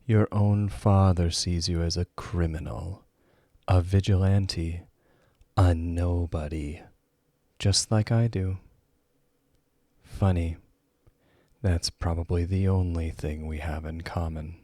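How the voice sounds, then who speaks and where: A man's voice: sits low, fairly even intonation, slow, long pauses, dark tone, no echo, clean studio sound, pitched below the performer's own voice, heavily acted. A man voicing a cruel, smug villain who taunts his enemy.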